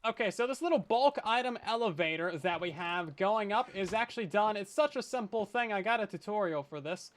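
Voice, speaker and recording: His high, expressive voice comes fairly quick and a bit bright, with hardly any pauses. The speaker is a young man from Canada streaming a survival game in his hot bedroom, joking self-deprecatingly with viewers as he casually comments on the gameplay.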